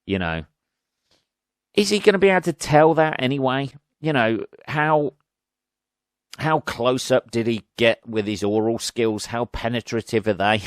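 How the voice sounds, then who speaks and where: A man's voice: fairly low pitch, no echo, clean studio sound. A man hosting a podcast, rambling through a crude comic monologue and laughing at his own jokes. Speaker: podcast host. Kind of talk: casual comedic monologue.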